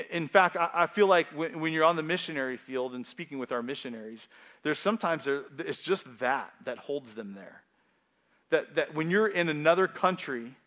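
A male pastor preaching a sermon in a conversational, animated way with casual asides. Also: fairly high pitch.

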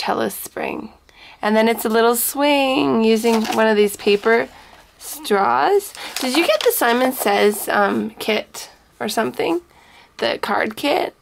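A woman's voice: on the high side, vocal fry, background noise. A woman chatting casually as she unboxes gifts on camera, gushing over each small item and sprinkling in Japanese phrases. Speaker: scrapbooking vlogger.

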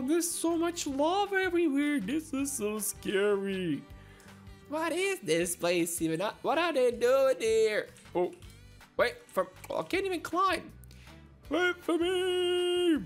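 Woman host, high lively voice, excitable game play-by-play, faint music behind. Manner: excitable, squealing, quick swings between panic and giggles. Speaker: gaming channel host. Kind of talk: excited gameplay commentary.

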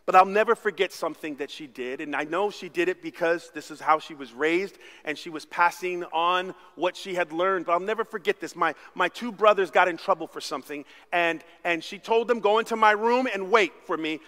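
A man preaching a sermon as pastor, telling stories with big swings from hushed to shouting. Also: sits high, fairly quick, hardly any pauses. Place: church sanctuary. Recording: long reverb of a church hall.

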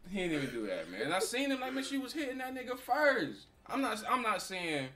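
Young man, reaction commentary, lively swooping pitch, fairly high, noisy recording. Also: a little fast. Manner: animated, laughing, acts out quotes. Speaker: co-host reacting to a video.

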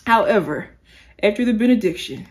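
Brief: woman lifestyle vlogger, lively storytelling, sleepy, casual chat to camera. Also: medium pitch, fairly quick. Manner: animated storytelling, addresses viewers as "y'all".

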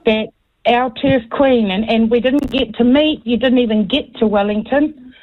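Excitable woman calling in, tinny phone line. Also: fairly high pitch, moderate pace. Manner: emphatic, agitated and excitable. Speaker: caller. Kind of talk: call-in talk radio.

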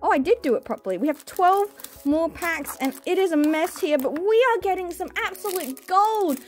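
A young woman chatting casually as she opens card packs on camera, excitable and gushing, squealing over good pulls. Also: extremely high pitch, moderate pace, faint music behind. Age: young adult. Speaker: card-opening vlogger. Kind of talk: casual chat while opening card packs.

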